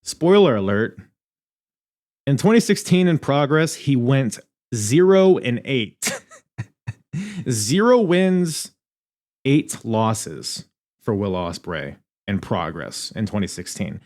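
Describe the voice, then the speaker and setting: A young man hosting a podcast, reviewing in a casual, animated way, swearing and laughing at his own asides. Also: medium pitch, slow pace, long pauses. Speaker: podcast host.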